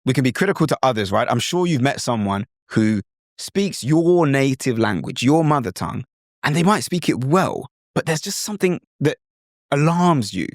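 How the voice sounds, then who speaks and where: A British man hosting an instructional podcast, talking in a lively, demonstrative way and sometimes slipping into mimicked accents. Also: medium pitch, normal speed, no room sound, clean studio sound. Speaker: podcast host.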